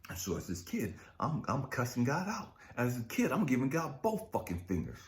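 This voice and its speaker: A man giving a raw, profane spiritual testimony as a coach, swinging between shouting and whispering. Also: medium pitch, huge pitch swings, moderate pace. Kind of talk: emotional personal testimony.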